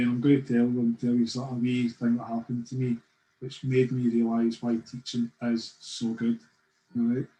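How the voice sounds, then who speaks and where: A middle-aged Scottish man talks through a webinar on a video call, telling stories in a chatty, conversational way. His voice is mellow and warm, and the room sounds echoey. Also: medium pitch. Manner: chatty storytelling, frequent "right?". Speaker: course leader. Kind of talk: webinar talk with anecdotes.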